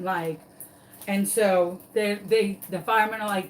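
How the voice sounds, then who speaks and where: A woman's voice: mid-range voice, fairly even intonation, measured pace, far from the mic, slight background noise, poor audio. A woman, a crafting vlogger telling a dramatic story while she works on a craft tutorial.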